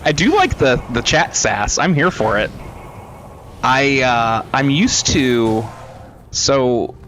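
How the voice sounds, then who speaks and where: Bright-voiced man chatting casually while gaming. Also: medium pitch, sing-song, takes it slowly, slight background noise. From Florida. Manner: rambling, self-mocking, trails off mid-sentence. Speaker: streamer.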